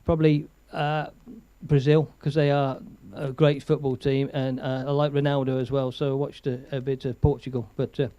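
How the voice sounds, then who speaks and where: A man's voice: medium pitch, flat delivery, normal speed, hardly any pauses, dark tone, no room sound, lo-fi sound. A man hosting a casual live stream, chatting, laughing and reading out viewer comments. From England. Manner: chatty, rambling, laughs often, reads viewer comments aloud.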